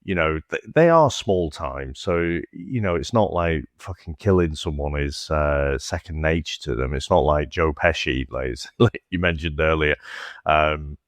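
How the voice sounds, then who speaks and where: A man's voice: very deep voice, unhurried, no room sound. A man with a Northern English accent co-hosting a film podcast, talking things through thoughtfully, with stammered starts and casual swearing. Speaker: podcast co-host. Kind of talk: casual film review chat.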